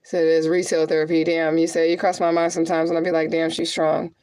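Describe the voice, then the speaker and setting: A woman's voice: sits low, completely flat delivery, fast, darkish tone, clear, resonant tone, dry recording. A woman talking casually to her viewers in a blunt, profane, chatty way, often laughing between heavier remarks. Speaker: spiritual adviser and vlogger.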